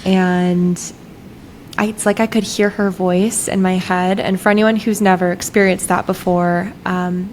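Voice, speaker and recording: A woman guest, a breathwork facilitator, telling a personal story in animated, conversational speech full of "like" fillers. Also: fairly low pitch, unhurried, slight background noise, poor audio.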